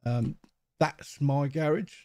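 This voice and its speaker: A man's voice: fairly high pitch, fairly even intonation, takes it slowly, dark tone, no echo. A middle-aged man from England, talking casually and rambling as he comments on his own truck game play. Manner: chatty, rambling, self-mocking. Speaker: gaming channel host.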